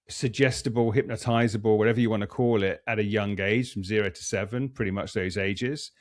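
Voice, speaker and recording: As a podcast guest, a middle-aged coach and performance psychologist gives earnest, reflective explanations in conversation, often restarting his sentences and repeating words as he thinks. His mid-range voice is captured in studio quality with no room sound.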